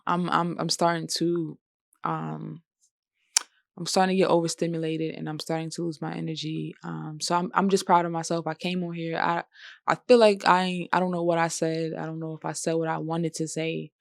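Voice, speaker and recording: A woman's voice: sits low, vocal fry, no room sound, studio quality. A tired woman speaking earnestly and emotionally in a personal vlog, with speech. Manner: emotional, earnest, pleading at times. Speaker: vlogger. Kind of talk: personal vlog talk to camera.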